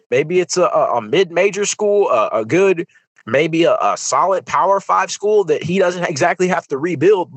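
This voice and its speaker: A man's voice: a little high, no room sound, poor audio. Chatty young man talking football. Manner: animated, rambling, lots of fillers and restarts. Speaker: podcast host. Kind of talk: casual sports commentary monologue.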